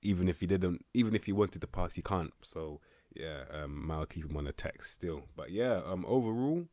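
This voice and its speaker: A young man talks through a football management game in a very low, deep voice, slangy and easygoing, now and then getting fired up. The sound is dry and close, with no room around it. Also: moderate pace, no room sound. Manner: slangy, laid-back, with bursts of excitement. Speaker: gaming YouTuber rating players. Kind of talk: casual game commentary.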